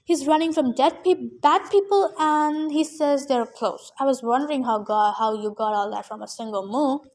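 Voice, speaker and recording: A nervous young satyr boy from a storybook, hesitant and stumbling as he talks, played by a woman reading aloud. The voice is high. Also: normal speed, few pauses, darkish tone.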